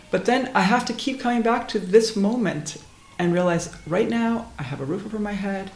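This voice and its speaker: A woman's voice: fairly low pitch, roomy sound. A woman guest, a transformation coach, talking earnestly about gratitude and personal growth on a podcast. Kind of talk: reflective podcast conversation.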